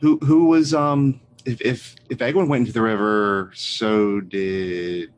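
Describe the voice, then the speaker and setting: A man's voice: lowish voice, fairly even intonation. A man co-hosting a podcast in casual chat, joking and sometimes stumbling over his words. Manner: joking, halting. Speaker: podcast co-host.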